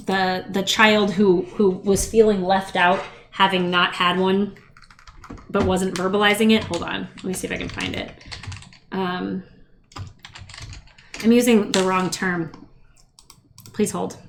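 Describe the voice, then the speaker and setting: A woman talks in a loose, wry, rambling way, full of asides, like a podcast co-host. Her voice is mid-pitched with a gravelly fry. A faint hiss of noise sits under the recording. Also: fairly bright tone. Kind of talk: casual chat.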